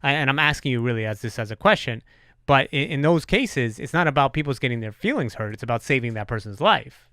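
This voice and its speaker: A man hosting a podcast, telling stories in a casual, profane, animated way. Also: mid-range voice, quick pace, dry recording, studio quality. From New York. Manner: animated storyteller, swears freely. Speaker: podcast host.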